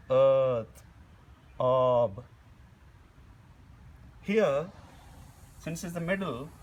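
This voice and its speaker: A man's voice: fairly high pitch, a little hiss or hum. A man teaching a phonetics lecture, repeating his points and sounding out vowels one at a time. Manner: slow, repetitive, demonstrates vowel sounds aloud.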